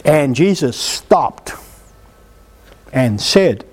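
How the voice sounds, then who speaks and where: A man preaching a sermon at a healing meeting, emphatic and animated as he exhorts the congregation. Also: mid-range voice, extremely slow.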